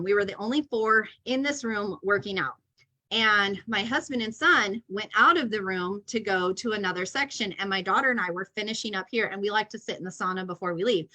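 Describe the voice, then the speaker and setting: Bright-voiced chatty woman storyteller. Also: medium pitch, low-quality recording. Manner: chatty storyteller, many fillers, deadpan jokes. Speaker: podcast co-host. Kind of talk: casual chat. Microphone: video call.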